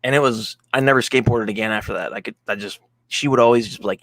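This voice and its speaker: A man in casual podcast chat, telling profane, animated stories as a guest co-host. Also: fairly low pitch, quick pace, no echo.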